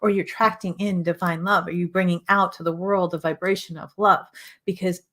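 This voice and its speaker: A middle-aged woman hosting a show and teaching about relationships in an earnest, repetitive way, her voice a little hoarse as she is losing it. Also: on the low side, fairly even intonation, fairly quick, a bit bright. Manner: earnest, repetitive, with frequent "right?" asides. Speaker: host and relationship coach. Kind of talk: motivational teaching monologue.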